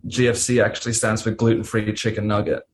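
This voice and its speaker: A man's voice: on the low side, little pitch movement, quick pace, a little hiss or hum. Rambling Australian man. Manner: rambling, laughing, many filler words. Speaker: guest musician. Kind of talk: casual podcast chat.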